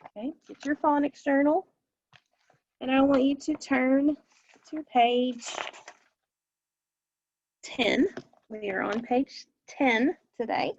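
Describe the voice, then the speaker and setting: A woman's voice: sits high, steady tone, takes it slowly, long pauses, darkish tone, highs cut off. A woman teacher leading a recorded phonics lesson for children, patiently repeating each word for them to echo.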